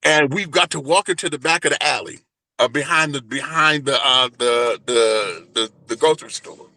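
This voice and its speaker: Animated, profane storytelling man. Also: medium pitch, normal speed, no echo. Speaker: guest, entertainer and radio host. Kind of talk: storytelling in casual interview.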